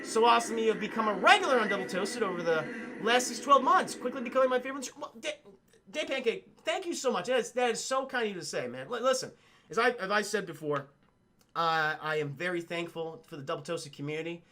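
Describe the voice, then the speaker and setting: High-voiced, rambling man on a livestream. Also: fast talker, sharp tone. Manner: rambling, swears casually, addresses chat, many fillers. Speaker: film reviewer streaming to chat. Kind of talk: casual livestream commentary.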